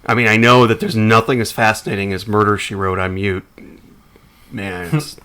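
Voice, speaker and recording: A man's voice: fairly low pitch, normal speed, pushed and bright, smooth. Male co-host, loose jokey podcast talk, trails off and restarts a lot. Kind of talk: casual chat.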